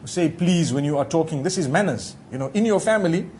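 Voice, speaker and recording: A man giving a conversational Islamic sermon, talking directly to his listeners in a relaxed way with frequent asides. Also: a little high, fairly quick, a little hiss or hum. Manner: relaxed, talks directly to the audience with frequent "you know". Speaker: Islamic preacher.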